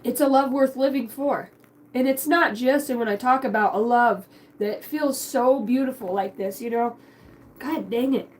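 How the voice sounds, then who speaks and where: Young woman doing a spiritual card reading, kinda high voice, gets emotional and rambles, swears a lot, faint hiss behind. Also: normal speed, low-quality recording. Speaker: tarot card reader.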